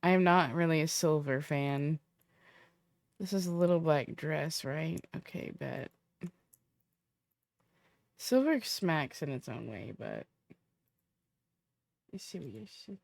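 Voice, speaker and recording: Slow low-voiced woman streamer, swearing. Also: expressive, creaky, a little mellow. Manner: rambling, profane, talking to herself. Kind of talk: casual chat to stream viewers while setting up a roleplay character.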